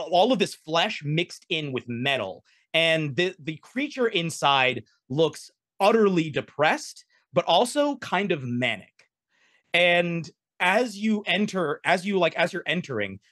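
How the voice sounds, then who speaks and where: Animated male game master, dry close mic. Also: fairly high pitch, no echo. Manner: animated, rambling narration with fillers and restarts. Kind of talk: narrating a tabletop game.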